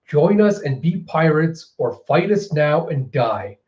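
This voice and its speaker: A man's voice: on the high side, big pitch swings, takes it slowly, a little mellow. A man voicing a menacing male pirate emperor who lays down orders, in a roomy, slightly dull recording. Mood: commanding.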